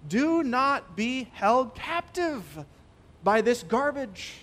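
A man preaching a sermon, emphatic and stressing key phrases by slowing down. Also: extremely high pitch, big pitch swings, fairly bright tone.

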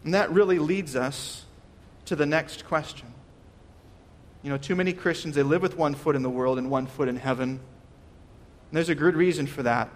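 A man's voice: on the high side, moderate pace, long pauses, long reverb tail. A man preaching a sermon, earnest and questioning, often restarting his words. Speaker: pastor.

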